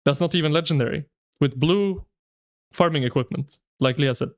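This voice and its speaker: Excitable ranting male game streamer. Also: on the high side, normal speed. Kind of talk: casual live-stream commentary.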